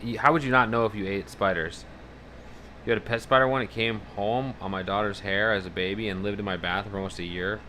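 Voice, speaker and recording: Casting note: male streamer, lowish pitch, bright edge, rambling casual chatter with a faint hum behind. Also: quick pace. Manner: rambling, profane, animated about fears. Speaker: livestreamer. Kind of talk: casual live-stream chat, reading out viewer messages.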